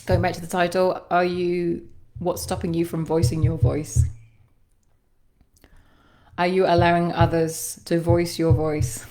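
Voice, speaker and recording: A woman who works as a sound healer and coach, giving a livestreamed guided self-reflection in a musing, halting way with sighs and laughs. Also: lowish voice, warm tone.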